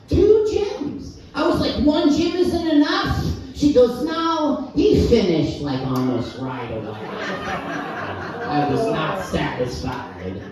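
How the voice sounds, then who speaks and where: A crude, henpecked middle-aged husband, as a woman puts him on for a stand-up set, grumbling about his wife with deadpan punchlines and chuckles at his own jokes. The voice sits fairly high and swings up and down in pitch. It is heard from a distance in a very echoey room, with music clearly audible behind. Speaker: stand-up comic.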